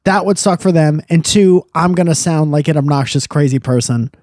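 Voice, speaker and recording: A man's voice: a little high, normal speed, darkish tone, no room sound, studio quality. A man co-hosting a podcast from home, chatting casually with a sarcastic, teasing streak and plenty of swearing. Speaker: podcast co-host. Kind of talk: casual chat.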